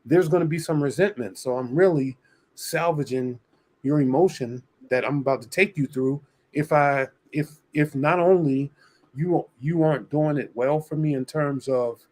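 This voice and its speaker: A man's voice: on the high side, normal speed, darkish tone. A man on a dating-show review panel, arguing his point in casual talk with many restarts. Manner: argumentative, explains at length with many restarts. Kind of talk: casual debate on a video panel.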